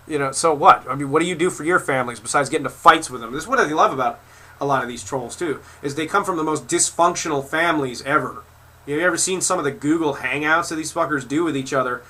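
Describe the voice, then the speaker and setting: A man's voice: on the high side, bright, forceful tone. A man in his twenties ranting angrily to camera at his critics, swearing hard and stumbling over repeated words. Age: 20s. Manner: furious, swearing, stammering repeats. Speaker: video creator answering critics. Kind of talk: angry profane rant to camera.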